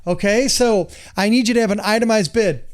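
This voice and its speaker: A man's voice: sits high, brisk. A middle-aged man from the United States, a real estate investor and lender, teaching in an emphatic, exasperated, repetitive way. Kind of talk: instructional monologue.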